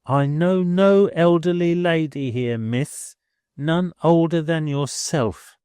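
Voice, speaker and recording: A man voicing a haughty, sarcastic lower-class landlady who speaks with lofty, ungrammatical scorn. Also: takes it slowly, dark tone, clean tone, no room sound, studio quality.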